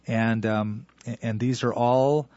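A man's voice: medium pitch, fairly even intonation, slow pace, a little mellow, no echo, muffled recording. A man teaching as a radio Bible host, explaining a verse to a caller in an earnest, lecturing way.

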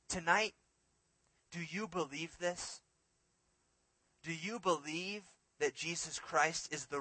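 A man preaching a sermon in a dramatic way, swinging between emphatic, loud lines and hushed ones. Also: a little high, dry recording.

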